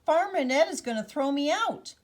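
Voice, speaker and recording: A silly, good-hearted scarecrow bubbles with excitement, as a woman reads him aloud. The voice sits very high and swoops all over. It is a storybook figure, eager and bright. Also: normal speed. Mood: upset. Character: cheerful silly male scarecrow.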